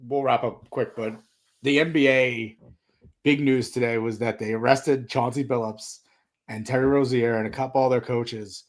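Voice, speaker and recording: A man's voice: medium pitch, vocal fry. A man co-hosting a podcast in casual chat, laid-back and agreeable, steering the talk. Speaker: podcast co-host.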